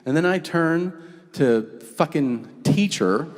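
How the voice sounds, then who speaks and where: A man in his forties doing a stand-up comedy set, telling stories in an exasperated, animated way with sudden yelps. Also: on the high side, takes it slowly. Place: large comedy venue stage. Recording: live hall reverb with crowd. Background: audience laughter.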